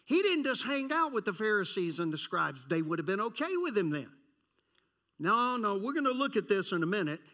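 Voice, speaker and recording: A male pastor preaches with big swings in his voice, jumping from high to low. His tone is bright and forceful. He acts out voices and keeps asking the congregation questions. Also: big pitch swings, a little fast. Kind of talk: sermon.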